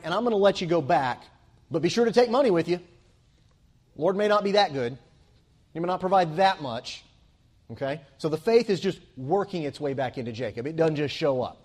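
A man's voice: high voice, darkish tone. A man preaching a sermon in an earnest, emphatic way, repeating phrases for stress.

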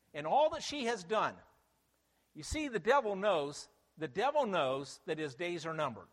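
Emphatic man preaching with lively pitch. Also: big-room sound. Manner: emphatic, with rhetorical questions. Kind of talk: sermon.

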